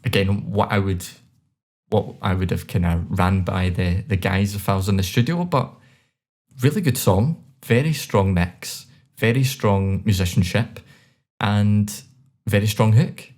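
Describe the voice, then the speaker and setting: A man with a Scottish accent co-hosting a podcast, reviewing songs in a relaxed, chatty way with many fillers. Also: lowish voice, unhurried. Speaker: podcast co-host. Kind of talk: casual chat.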